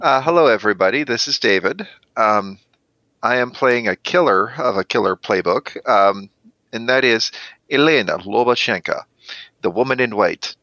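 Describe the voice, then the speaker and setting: A man introducing his character as a player on a tabletop game podcast, wry and quick. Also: fairly low pitch, lively intonation, sharp tone, dry recording, dull audio. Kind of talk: casual chat.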